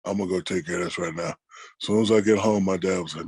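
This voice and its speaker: A middle-aged man, an interview guest, telling stories in a relaxed, conversational way and acting out the people he quotes. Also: sits low, fast, vocal fry, slightly rough, no echo. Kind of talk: casual storytelling.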